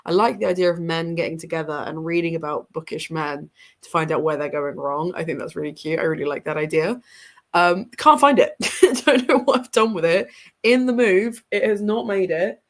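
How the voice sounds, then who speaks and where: A young woman talks casually on a home reading stream, her voice stuffy and congested. She rambles along with frequent ums and little laughs, her pitch sitting a touch low for a woman. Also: moderate pace. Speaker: reading livestream host. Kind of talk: casual livestream chat. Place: home room with bookshelves behind her.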